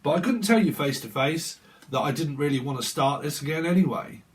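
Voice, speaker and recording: A man's voice: on the high side, animated, brisk. A young man giving a casual tarot reading, swearing, laughing often and acting out the voices he quotes. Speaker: tarot reader. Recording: voice a bit far from the mic.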